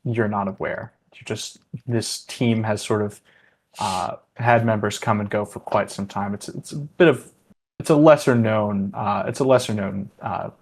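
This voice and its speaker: A man's voice: lowish voice, steady tone, a little slow, slightly rough. A man narrating a tabletop role-playing game as game master, casual and loose with fillers.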